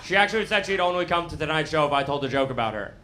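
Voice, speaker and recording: A young American man with a lisp performing a stand-up set in a deadpan, self-mocking way on a comedy club stage. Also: a little high, rapid-fire, noisy background. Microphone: handheld stage mic. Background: audience laughter.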